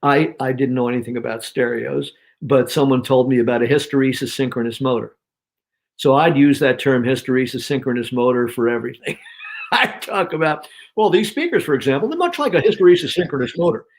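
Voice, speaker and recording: Lively, slangy man in his sixties. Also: mid-range voice, fairly quick. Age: 60s. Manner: lively, slangy, emphatic, laughs often. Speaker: guest speaker and author. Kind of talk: animated storytelling in an interview.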